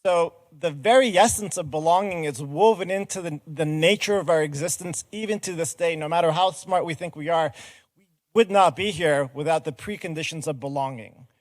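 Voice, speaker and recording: A man's voice: fairly high pitch, normal speed, no echo. Earnest man giving a conference talk. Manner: earnest, explanatory, audience-engaging. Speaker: conference speaker. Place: conference stage.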